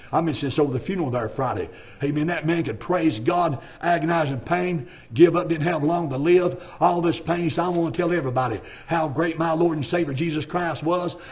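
A middle-aged man preaches a revival sermon in a church. His husky voice carries a folksy, rambling manner, full of "my friend" and "bless God.". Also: fairly high pitch. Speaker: pastor. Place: church sanctuary.

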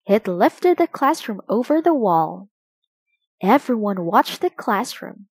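A woman reading a children's picture book aloud, slowly and expressively for young listeners. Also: mid-range voice, sing-song, a little mellow, breathy edge, no echo. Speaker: storybook reader.

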